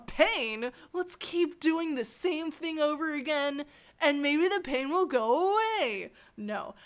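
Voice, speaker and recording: Animated, laughing woman host. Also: fairly high pitch. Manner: animated, laughs often, rambling anecdotes. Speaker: host interviewing a fellow scare actor. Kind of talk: casual storytelling chat.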